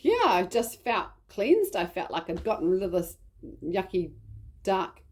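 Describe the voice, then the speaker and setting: A woman's voice: mid-range voice, sing-song, a little slow, darkish tone. A woman with a New Zealand accent telling a personal story in a chatty, rambling way. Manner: chatty, rambling, heavy use of "like". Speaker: vlogger.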